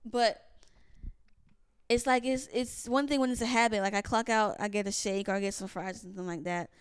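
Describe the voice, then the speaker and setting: Young woman, podcast co-host, smooth clear voice, dry close sound, animated casual storytelling. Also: medium pitch, a little fast, dry recording. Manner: animated storyteller, acts out quotes, many restarts.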